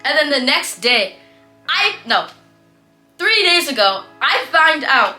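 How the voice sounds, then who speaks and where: A young woman tells a story in a chatty, animated way, acting out what her classmates said in playful voices. Her voice is bright and on the high side, and it swings up and down a lot. Faint music plays behind her. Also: slow, long pauses. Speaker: vlogger. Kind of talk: casual storytelling.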